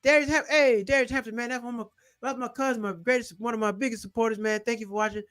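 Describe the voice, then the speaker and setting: A young man hosting a casual livestream, eagerly shouting out viewers and their cities and plugging his channels. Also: very high-pitched, steady tone, quick pace. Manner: hyped, repetitive shout-outs to viewers. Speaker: livestream host.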